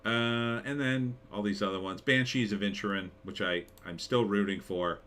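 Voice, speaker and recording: A man's voice: on the low side, moderate pace, a bit bright, slight background noise. A middle-aged man hosting a casual live stream, rambling and chuckling as he reads viewer comments aloud. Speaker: live stream host reading chat.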